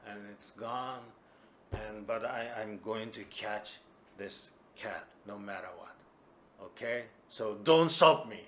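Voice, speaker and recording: A man's voice: fairly low pitch, slow, a bit bright, slight background noise. A man voicing a drunk, sheepish man who stammers out excuses. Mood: agitated. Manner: stammering, hesitant.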